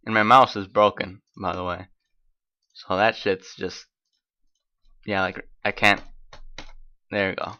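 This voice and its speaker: Man, gameplay commentary, offhand and rambling, crisp voice, dull lo-fi recording. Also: deep voice, flat delivery, slow pace, pauses often, pushed and bright. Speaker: let's play host.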